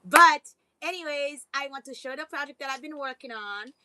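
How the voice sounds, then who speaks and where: A woman with a high voice chats loosely about energy and her projects. She rambles and stops midway to talk to her pets. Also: normal speed, pushed and bright, slight background noise. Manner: rambling, talks to her dogs mid-sentence. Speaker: vlogger. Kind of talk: casual spiritual chat.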